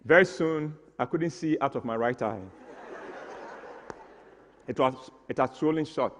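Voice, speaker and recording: A man's voice: medium pitch, measured pace, in a large hall, slight background noise. A man tells a comic story on stage, acting out the scenes with mock drama. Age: 60s. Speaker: stage performer.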